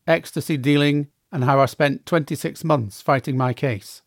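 A man narrating his own memoir in the first person, measured and plainspoken. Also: a little high, fairly even intonation, dry recording, clean studio sound.

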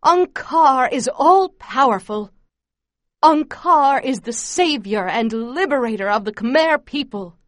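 A woman voicing a fervent female camp leader who loudly and slowly declaims propaganda. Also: high-pitched, expressive, dry recording, studio quality, voice pushed up, exaggerated voice. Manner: loud, slow, zealous declaiming.

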